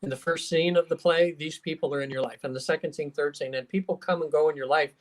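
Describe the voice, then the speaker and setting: Man, slightly higher voice, chatty guest storyteller who acts out the people he quotes. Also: fast. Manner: animated storyteller, acts out quotes, many fillers. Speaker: hypnotherapist guest. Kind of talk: casual storytelling interview.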